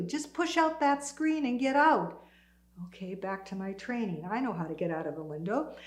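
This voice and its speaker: A woman's voice: mid-range voice, reverberant. An older woman recounting a personal survival story to an audience, acting out her own thoughts and the dialogue vividly. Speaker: community storyteller.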